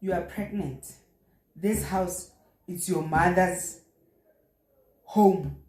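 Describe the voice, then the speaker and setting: A woman's voice: lowish voice, extremely slow, darkish tone. A South African woman playing her stern older grandmother, who firmly lectures her granddaughter. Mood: lecturing. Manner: lecturing, firm. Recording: echoey room.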